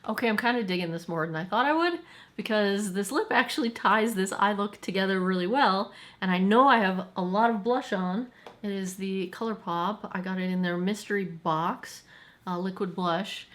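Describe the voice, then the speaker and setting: A woman in her forties chats her way through a get-ready-with-me makeup routine at home. She is candid and self-deprecating and laughs off her own slips. Her voice sits at an ordinary middle pitch. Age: 40s. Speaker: beauty vlogger.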